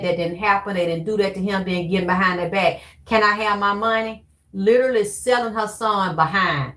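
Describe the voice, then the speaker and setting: Brief: woman vlogger, mid-pitched, rambling and cussing, emphatic delivery. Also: a bit bright. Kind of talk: casual monologue.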